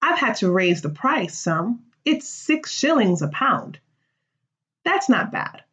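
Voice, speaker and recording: A woman's voice: on the high side, sing-song, takes it slowly, a bit bright, husky, full character voice. A woman reading the lines of a defensive, greedy colonial merchant in a school play, in a slightly muffled recording.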